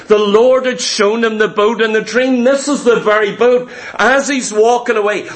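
A man's voice: sits high, fairly bright tone. A man preaching, retelling a story earnestly and acting out the quotes. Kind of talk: sermon storytelling.

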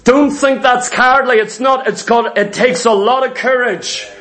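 High-voiced man preaching, emphatic, repetitive, rhetorical questions. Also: steady tone, normal speed, fairly bright tone. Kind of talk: sermon.

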